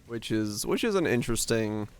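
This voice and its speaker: A man's voice: on the low side, sing-song, moderate pace, clear, resonant tone, soft background music. A young man streaming a game, chatting casually, answering chat questions and thinking aloud as he plays.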